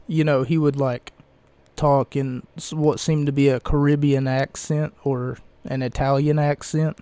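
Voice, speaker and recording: A young man talking slowly and evenly in a mellow, low-key voice, hosting his own podcast. He rambles, hesitates and corrects himself often. The sound is dry and close. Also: little pitch movement, smooth, no room sound. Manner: slow, halting, many fillers and self-corrections. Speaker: podcast host reviewing wrestling events. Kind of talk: casual rambling podcast commentary.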